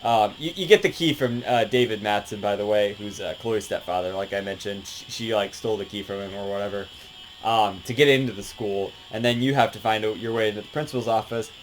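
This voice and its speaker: A man's voice: on the low side, fairly quick, faint music behind, poor audio. A man casually talking through a video game, rambling with lots of fillers and swearing. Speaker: game reviewer. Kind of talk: casual game review commentary.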